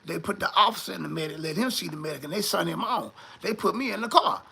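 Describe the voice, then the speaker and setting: A man, telling a story in a casual, animated and profane way and acting out the other people in it. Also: high-pitched, quick pace, gravelly, breathy edge.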